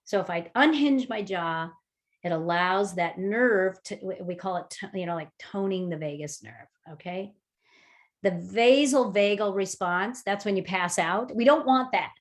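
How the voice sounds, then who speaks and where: Lively woman leading a breathing workshop. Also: medium pitch, measured pace. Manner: lively, chatty, guides exercises with frequent fillers. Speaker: mindfulness workshop leader. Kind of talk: guided movement and breathing workshop. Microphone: video call.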